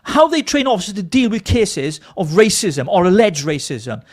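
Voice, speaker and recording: Male co-host from Britain, high lively voice, furious political rant. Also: moderate pace. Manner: angry ranting, swearing. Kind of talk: heated political talk show.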